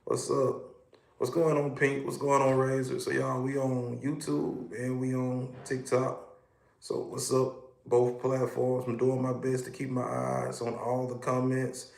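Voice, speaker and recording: A man's voice: medium pitch, completely flat delivery, measured pace, creaky, darkish tone. A man hosting a livestream as a hypnotist, greeting viewers by name in an upbeat, coaching way. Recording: echoey room.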